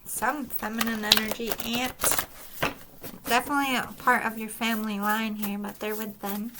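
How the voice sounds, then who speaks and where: A woman's voice: on the high side, little pitch movement, normal speed, heavy background noise. A woman giving a casual psychic reading, chatty and emotional, often saying "like" and laughing between thoughts. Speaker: psychic medium.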